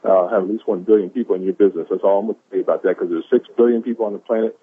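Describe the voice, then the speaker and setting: This caller's voice is on the low side, steady in tone and breathy at the edges, and he talks very fast. Over a tinny phone line, he shares quotes of the day in a fired-up, preachy motivational talk on a conference call, repeating lines for emphasis.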